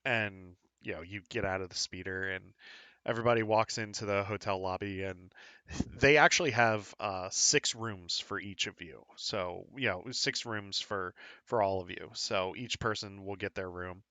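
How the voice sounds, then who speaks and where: A man's voice: low voice, normal speed, bright, forceful tone, dry recording. A man narrating a tabletop game as game master, loose, with lots of fillers and laughs.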